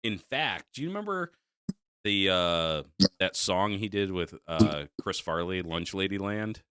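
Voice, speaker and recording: A man's voice: low voice, lively intonation, measured pace, a bit bright, smooth, no room sound. A middle-aged man hosting a podcast, chatting casually in a profane, laid-back way and laughing often. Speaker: podcast host. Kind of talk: casual chat.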